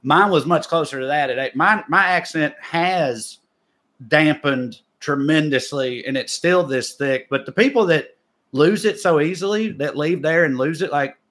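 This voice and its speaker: A man with a heavy Southern Appalachian drawl spins a story in relaxed podcast chat. He rambles and restarts, leaning on "like" as he goes. His voice sits a touch high for a man. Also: a little slow. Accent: Southern US, Appalachian (Tennessee). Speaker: podcast co-host, comedian. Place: Los Angeles.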